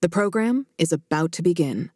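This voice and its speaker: A woman giving a formal, measured event announcement over a public address system. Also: on the low side, lively intonation, a little mellow, dry recording, studio quality.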